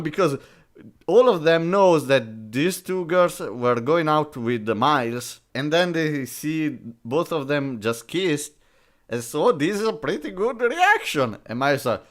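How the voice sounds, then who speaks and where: A man's voice: fairly high pitch, big pitch swings, measured pace. A man giving mocking, dismissive commentary on a comic, full of fillers and restarts. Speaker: comic reviewer. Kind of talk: sarcastic commentary.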